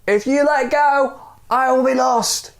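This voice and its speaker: Man voicing an insistent dangling stranger, raised and drawn-out voice. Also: extremely high pitch, voice pushed up, exaggerated voice. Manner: calm, insistent demands called up from below.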